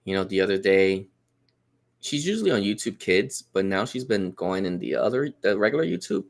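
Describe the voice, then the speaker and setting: A man's voice: lowish voice, fairly quick, vocal fry. A man telling a family story in casual podcast chat, acting out the quotes. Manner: animated storyteller, acts out quotes. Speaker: guest.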